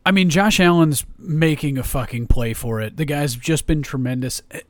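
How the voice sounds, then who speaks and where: Profane joking man, higher voice. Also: moderate pace, no room sound, studio quality. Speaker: podcast co-host. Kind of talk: casual sports chat.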